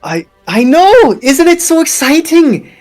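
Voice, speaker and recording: Man playing a high gushing young princess, eager, tabletop game. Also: big pitch swings, unhurried, darkish tone, soft background music, full character voice. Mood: excited. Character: excitable young princess who does magic.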